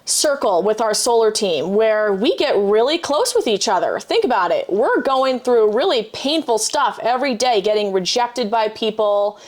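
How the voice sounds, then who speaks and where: A woman's voice: on the high side, lively intonation, normal speed, hardly any pauses. Earnest young woman hosting a podcast. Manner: earnest, sincere, asks personal questions. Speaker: podcast host. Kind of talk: conversational interview.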